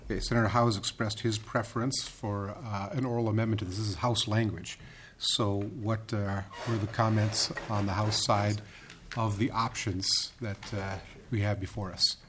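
A man's voice: fairly low pitch, fairly even intonation, moderate pace, fairly bright tone, slight background noise. A man chairing a committee hearing, running procedure conversationally with frequent fillers.

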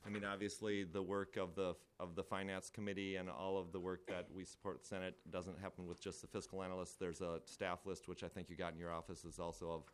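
Deep, flat-voiced male fiscal analyst. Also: fast, hardly any pauses. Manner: polite and orderly. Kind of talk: formal briefing to a committee. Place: hearing room.

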